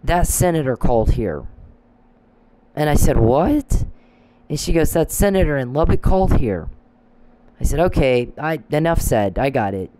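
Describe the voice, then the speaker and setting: A woman's voice: deep voice, expressive, normal speed, long pauses, mellow, a little hiss or hum, poor audio. A woman talking in an angry, rambling monologue, combative and profane, with frequent restarts.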